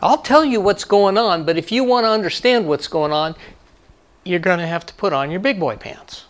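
A man's voice: high voice, animated, moderate pace. A male pastor preaching a sermon in a conversational way, repeating key lines for emphasis.

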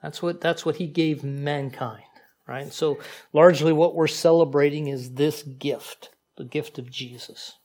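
A man preaching a sermon in a conversational, animated way, with frequent asides to the congregation. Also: fairly high pitch, a little slow. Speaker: pastor.

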